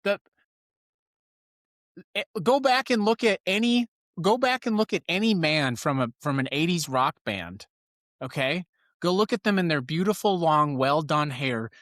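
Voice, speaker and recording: A man's voice: a little high, lively intonation, unhurried, fairly bright tone, no room sound, studio quality. A man hosting a live news commentary show, riffing sarcastically and breaking off his own sentences. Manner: sarcastic, riffing, self-interrupting. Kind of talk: rambling political commentary.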